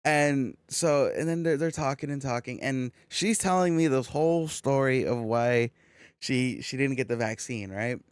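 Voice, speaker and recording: A young man from California telling a rambling story on a podcast, full of swearing and quoted back-and-forth. His voice sits at an ordinary middle pitch. The sound is very dry and close, with no room around it. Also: normal speed, clean tone, dry recording. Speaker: podcast co-host. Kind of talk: casual storytelling chat.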